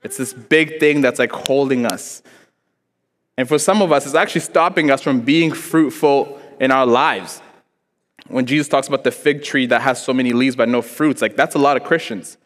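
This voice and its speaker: A young man from Africa preaches to a congregation in a hall with a long, ringing reverb. He talks in a lively, joking way and puts on voices as he tells his story. His voice sits at a middling pitch. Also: normal speed. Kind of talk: sermon with storytelling. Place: church hall before a congregation.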